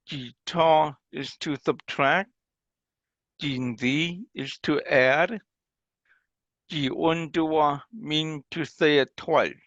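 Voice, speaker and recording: A man teaches an online language class in an unhurried, patient way, pausing to demonstrate example phrases. His voice sits a little high for a man. The dry, dull-sounding video call audio has a lo-fi quality. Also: a bit bright, no echo.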